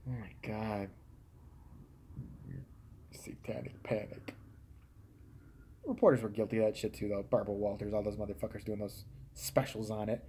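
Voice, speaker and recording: A man hosting a live stream, ranting casually and profanely, jumping from loud outbursts to muttered asides. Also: on the low side, steady tone, moderate pace, long pauses, a little hiss or hum.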